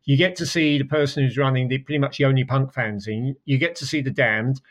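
A man's voice: medium pitch, fairly even intonation, fairly quick. A man hosting a casual interview over a video call, enthusiastic, repeating words as he restarts. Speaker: podcast host.

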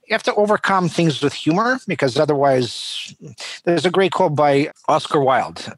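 A man's voice: a little high, expressive, normal speed, no echo. Reflective, storytelling man with dry sound. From Russia. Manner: reflective storytelling with frequent restarts and humor. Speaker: guest. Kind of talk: casual interview conversation.

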